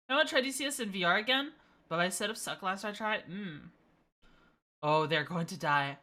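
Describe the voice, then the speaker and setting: Bright-voiced woman streamer chatting casually. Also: mid-range voice, animated, a little fast. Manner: chatty, laughs often, playful. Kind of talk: casual gaming stream chat.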